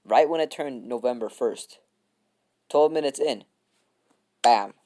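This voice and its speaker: A man's voice: mid-range voice, slow, mellow. A young man casually telling a fan story to his viewers, rambling, laughing often and swearing.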